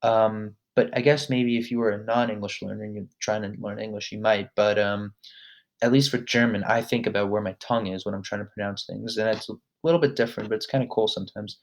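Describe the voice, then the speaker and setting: A man hosting a casual vocabulary lesson. He talks in a relaxed way, fills pauses with "um", and says each word slowly and then repeats it. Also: on the low side. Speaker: language lesson host.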